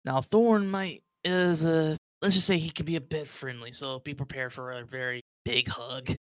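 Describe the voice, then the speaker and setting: A man's voice: a little high, fairly even intonation, moderate pace, hardly any pauses, a bit bright, dry recording, studio quality. A man running a tabletop game as game master, narrating in a rambling way with many fillers.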